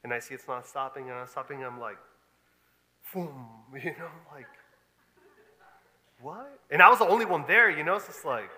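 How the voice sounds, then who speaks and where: High, bright-voiced pastor telling a story. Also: male voice, quick pace, hardly any pauses. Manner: animated, laughing, exasperated storytelling. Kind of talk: storytelling sermon. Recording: long hall reverb.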